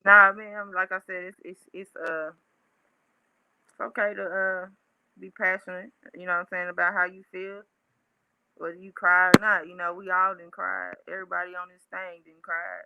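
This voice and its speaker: A woman's voice: on the low side, flat delivery, moderate pace, gravelly, clean tone, dry recording, dull audio. A woman joining a live talk show as a guest, blunt and challenging, firing rhetorical questions back at her critics. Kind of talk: casual heated call-in talk.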